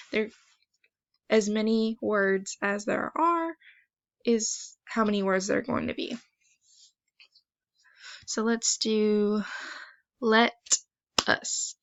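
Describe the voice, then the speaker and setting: A woman teacher talking students through an online phonics assignment, gentle and encouraging, step by step. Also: mid-range voice, vocal fry, no echo. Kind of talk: recorded online lesson walkthrough. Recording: dry, slightly dull screen recording.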